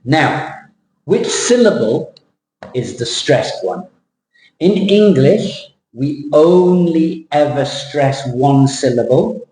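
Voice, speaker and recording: A man teaching English pronunciation, slowly drawing out words for a student and explaining the rules. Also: a little high, animated, warm tone, reverberant, a little hiss or hum, rough recording. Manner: slow, drawn-out modeling of words, switching into Thai. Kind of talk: classroom pronunciation lesson.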